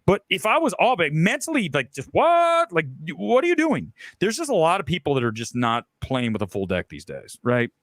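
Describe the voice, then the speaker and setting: A man's voice: fairly high pitch, very animated, brisk, few pauses, fairly bright tone, dry recording. A man hosting a film talk stream, ranting in a combative, opinionated way about movies and his critics. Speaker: film talk show host. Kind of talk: ranting live-stream commentary.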